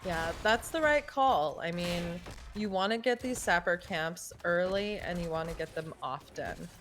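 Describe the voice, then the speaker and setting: A woman's voice: on the low side, lively intonation, measured pace, a bit bright. A woman casting a video game match live, chatty and joking between calls of the action. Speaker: esports caster. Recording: noisy online stream audio.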